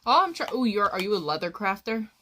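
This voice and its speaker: A woman's voice: medium pitch, very animated, fast, sharp tone, a little hiss or hum. A woman in her twenties, a streamer rambling through crude stories in casual chat. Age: 20s.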